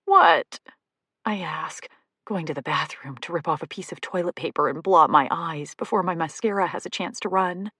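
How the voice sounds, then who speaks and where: A woman narrating a romantic comedy audiobook in first person, expressive and comic. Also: lowish voice, a little fast, slightly rough, no room sound, studio quality.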